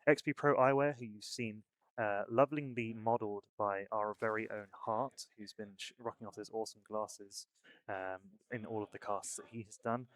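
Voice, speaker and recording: A young man commentating a live esports match, upbeat and brisk, moving smoothly into sponsor shout-outs. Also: fairly low pitch, fairly even intonation, no room sound. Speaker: esports caster.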